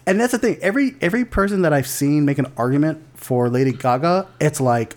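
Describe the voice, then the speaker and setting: A man's voice: a little high, expressive, fairly quick, hardly any pauses. A man co-hosting a podcast, chatting casually and bluntly about film award nominations, with lots of restarts and casual swearing. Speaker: podcast co-host.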